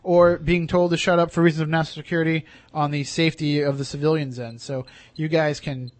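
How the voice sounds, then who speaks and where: A man moderating a timed debate and calling out the time briskly. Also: a little high, little pitch movement, dry recording.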